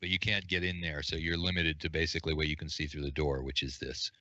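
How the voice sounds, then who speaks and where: A man running a tabletop game as game master, relaxed and chatty, thinking aloud with fillers. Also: rumbling low, fast, no room sound. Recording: dull, dry lo-fi sound.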